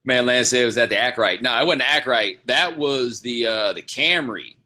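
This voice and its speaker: A man's voice: mid-range voice, expressive, normal speed, bright, forceful tone. A man hosting his own show, telling loose, rambling stories in a casual, slangy way with frequent laughs. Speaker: podcast host. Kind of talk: casual storytelling monologue.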